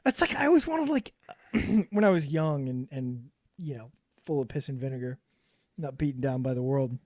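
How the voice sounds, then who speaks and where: Animated, swearing storyteller man in his thirties. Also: medium pitch, normal speed, dry recording, clean studio sound. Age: 30s. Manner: animated storyteller, swears a lot, laughs often. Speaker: podcast co-host. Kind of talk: casual boozy podcast chat.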